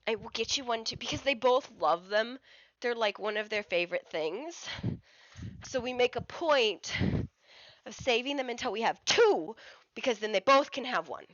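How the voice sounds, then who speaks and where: Casual woman streamer: high, animated, coos and swears between dog play; muffled stream audio. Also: moderate pace, no echo. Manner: swears freely, coos baby talk at her dogs. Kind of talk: casual live-stream chat.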